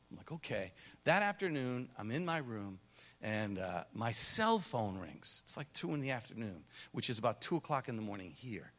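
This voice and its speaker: A missionary pastor speaking to a congregation on a church stage, telling stories and acting out the voices of the people in them. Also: male voice, mid-range voice, fairly quick. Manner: animated storytelling, acts out quoted voices. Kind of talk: sermon testimony to a congregation. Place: church stage under lights.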